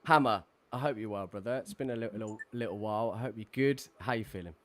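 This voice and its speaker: A man's voice: fairly low pitch, quick pace, a bit bright, slight background noise. A man hosting a football podcast, greeting his panel in a hearty, chummy way. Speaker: podcast host.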